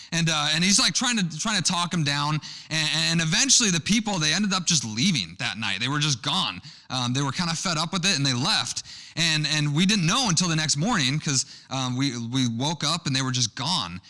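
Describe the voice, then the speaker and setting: A young male pastor preaches in a bright, forceful tone, speaking conversationally and drifting into a personal story while often restarting phrases. His voice is a little high, brisk, with lively intonation.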